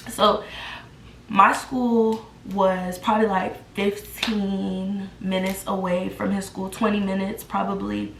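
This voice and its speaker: A woman in her twenties telling a casual storytime, animated and acting out what people said. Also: mid-range voice, takes it slowly, noisy background. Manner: animated, acts out the quotes. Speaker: vlogger. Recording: roomy echo.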